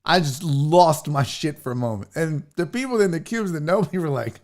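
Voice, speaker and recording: A man's voice: on the high side, moderate pace, hardly any pauses. A man hosting a casual show, ranting comically and profanely about pet peeves while reading viewer comments. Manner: profane, exasperated, animated storytelling. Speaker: show host.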